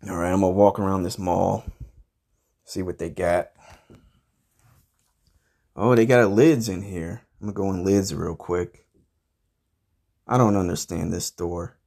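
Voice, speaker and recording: Low-voiced man, crude rambling monologue. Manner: crude and profane, rambling storytelling; deadpan, grumbling complaints. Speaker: comedic podcast host. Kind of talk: improvised comedic monologue.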